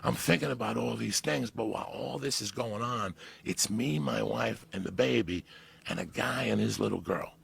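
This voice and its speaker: A man spins a profane, animated story in casual talk. His voice sits very low and gravelly, with a rough, husky grain, and he punches words with sudden loud emphasis. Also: moderate pace. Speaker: podcast guest.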